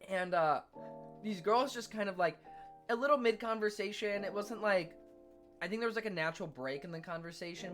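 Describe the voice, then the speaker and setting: Young male streamer telling stories animatedly. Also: high voice. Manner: animated, laughs often, swears freely. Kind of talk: casual storytelling.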